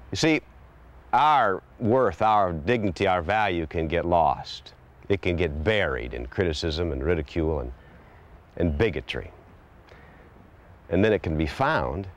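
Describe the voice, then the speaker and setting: A man telling an inspirational story in scripted narration, gentle and reflective. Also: sits low, animated, normal speed.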